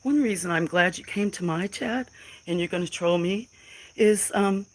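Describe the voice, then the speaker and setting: A woman's voice: fairly low pitch, moderate pace, rough recording. Defiant woman livestreaming from her phone. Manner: defiant, emotional, addressing trolls directly. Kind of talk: casual live stream talk to chat.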